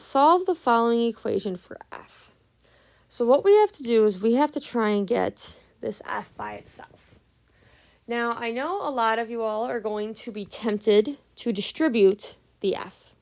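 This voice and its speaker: A young adult woman teaches math casually and patiently, explaining step by step, often pausing with a "right?" to check that everyone's following, and sounding tired this early in the morning. Her voice is fairly high, gravelly, and a little mellow.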